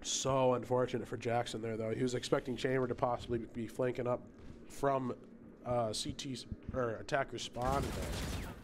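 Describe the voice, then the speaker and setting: A young man doing play-by-play for a college esports match, quick and bursting with excitement on big plays. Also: medium pitch, background noise. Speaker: esports co-caster.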